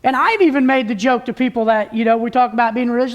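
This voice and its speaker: Folksy woman preacher, slightly high voice. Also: brisk. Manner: plain-spoken, folksy, with frequent restarts. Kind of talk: conversational sermon. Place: church service.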